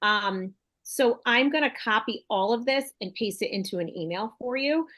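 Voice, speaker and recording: A woman's voice: fairly high pitch, normal speed, a bit bright. Chatty enthusiastic woman broker. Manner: chatty and enthusiastic, thinks aloud. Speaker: real estate broker and host. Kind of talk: casual video call chat.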